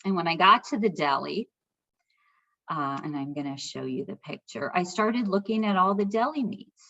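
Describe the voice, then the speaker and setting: Middle-aged american woman telling her story, heartfelt and lively, kinda muffled lo-fi sound. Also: fairly low pitch, normal speed. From United States. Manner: heartfelt, animated retelling with quoted dialogue. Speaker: guest speaker. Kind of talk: personal storytelling talk. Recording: slightly dull lo-fi recording.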